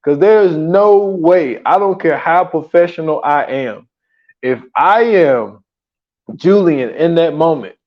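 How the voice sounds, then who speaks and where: A man's voice: fairly high pitch, takes it slowly, muffled recording. A man co-hosting a podcast, animatedly retelling comedy scenes in casual chat. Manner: animated, retells scenes doing the characters' lines, laughs a lot. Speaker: podcast co-host. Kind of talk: casual movie-recap chat.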